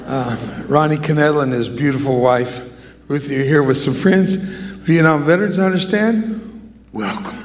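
A man preaching as a guest speaker in a church, joking and emotional, poking fun at himself between warm words to the congregation. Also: fairly high pitch, measured pace, background noise. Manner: joking, emotional, self-deprecating. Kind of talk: sermon. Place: church sanctuary.

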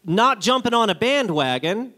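A man with a fairly high voice preaches to a gathering. He tells his stories with animation and leaps into character voices for the people in them. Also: normal speed. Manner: animated storyteller, acts out characters with jumps in pitch. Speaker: guest speaker. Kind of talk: sermon with acted-out stories.

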